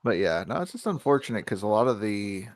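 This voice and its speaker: Expressive low-voiced man with opinions. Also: fast, dry recording. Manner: opinionated, expressive, drops into crude rhymes. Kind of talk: casual chat.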